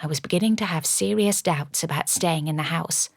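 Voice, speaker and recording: A woman with a low, gravelly voice reads a first-person audiobook in a measured, even way. The recording is dry and close, with no room sound. Her voice has a steady, grounded texture. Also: no room sound. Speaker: audiobook narrator.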